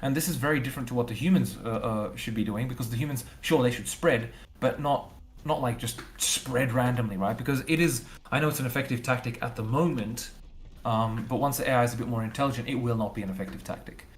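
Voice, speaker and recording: A man's voice: mid-range voice, fast. Rambling man explaining on a livestream. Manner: thinks aloud, rambling with repeated fillers. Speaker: game developer. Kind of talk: casual livestream chat.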